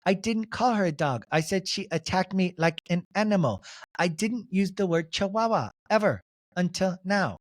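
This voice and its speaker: A man's voice: sits high, expressive, normal speed, dry recording, pitched above the performer's own voice. A man doing a breezy, chirpy woman. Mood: defensive.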